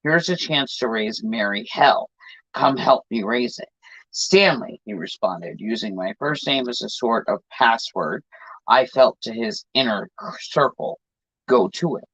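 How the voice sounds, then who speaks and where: Male host reading a book aloud, deliberate, in a dry and dead-sounding recording. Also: mid-range voice, lively intonation, a bit bright, husky, no room sound, lo-fi sound. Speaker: podcast host.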